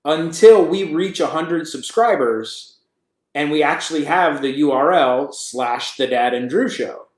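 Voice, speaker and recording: A man's voice: on the high side, animated, unhurried, echoey room. A man co-hosting a casual podcast chat, upbeat and teasing, jumping in with jokes. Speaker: co-host.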